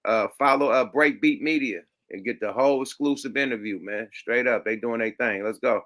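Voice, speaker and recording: A man hosting a podcast, talking in a bright, clear voice at an everyday pitch. His delivery is loose and slangy, full of cursing and friendly back-and-forth. He keeps it relaxed, like chat among friends. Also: normal speed. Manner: profane, slangy, laughing banter. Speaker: podcast host. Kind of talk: casual chat.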